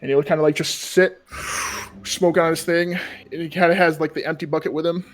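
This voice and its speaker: A man's voice: on the high side, fairly even intonation, a little fast. A man acting as game master, narrating a tabletop game casually with a lot of rambling and fillers.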